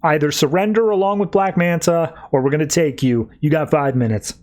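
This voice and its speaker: A man's voice: on the high side, fairly quick, darkish tone, natural voice. A tough, domineering woman in charge, barking curt orders, as a man puts her on. The voice is raised only a little from the speaker's own. It comes across as a casual podcast impression. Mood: commanding. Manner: commanding, curt. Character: domineering tough female boss, commanding.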